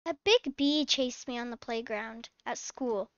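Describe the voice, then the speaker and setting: A woman's voice: fairly high pitch, unhurried, fairly bright tone, dry recording, lo-fi sound. A woman voicing a sulky, whiny little girl in a game role-play. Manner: whiny and complaining.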